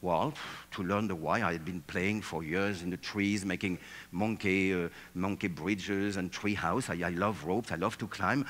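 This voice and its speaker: A man's voice: low-pitched, normal speed, long reverb tail. A man giving a playful, theatrical storytelling talk, seated at a table on stage. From France. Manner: animated, playful, acts out scenes and voices.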